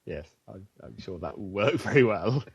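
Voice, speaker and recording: A man's voice: fairly low pitch, normal speed, husky, no echo, muffled recording. A man co-hosting a casual podcast, telling stories with lots of laughter. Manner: animated, laughing, storytelling. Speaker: podcast co-host. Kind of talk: casual chat.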